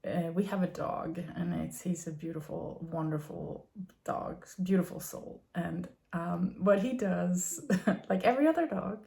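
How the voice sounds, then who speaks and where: A woman in her thirties or forties giving a gentle, earnest spiritual musing to her viewers, with many fillers and soft laughs. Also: on the low side, unhurried, gravelly. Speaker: vlogger.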